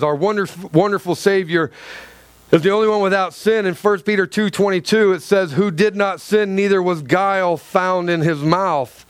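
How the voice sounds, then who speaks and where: A man preaching a sermon in a church, impassioned and repetitive, acting out quoted lines with swings between loud and soft. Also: high voice, no echo.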